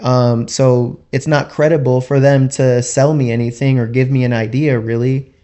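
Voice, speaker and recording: A man talking as a podcast guest in a casual, rambling way, full of "like" and "you know", and quick to laugh. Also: mid-range voice, fairly even intonation, dark tone. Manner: laughs easily while telling stories.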